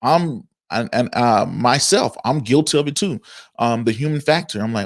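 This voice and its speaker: A man hosting a casual livestream about the stock market, greeting viewers by name and talking through market moves in a relaxed, chatty way. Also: on the high side, moderate pace, no echo, studio quality. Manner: chatty, reads viewer comments aloud and greets them. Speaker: host of a stock market show.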